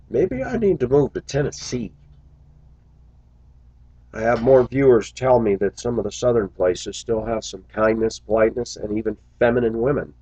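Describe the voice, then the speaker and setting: A man's voice: mid-range voice, warm tone, dry recording, muffled recording. A man who drives a school bus, talking earnestly to his viewers in a casual, reflective monologue full of little stories.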